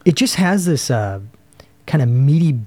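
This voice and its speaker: A man co-hosting a casual podcast, talking excitably and enthusiastically, often trailing off mid-sentence as he hunts for words. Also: a little high, a little slow. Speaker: podcast co-host reviewing cigars. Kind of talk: casual chat.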